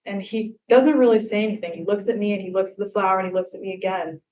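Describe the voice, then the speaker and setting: A woman's voice: mid-range voice, fast, slight background noise. A young woman performing a stand-up comedy set, telling stories and acting out the lines she quotes. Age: young adult. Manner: animated storytelling, acts out quotes. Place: live comedy show stage. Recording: echoey live venue.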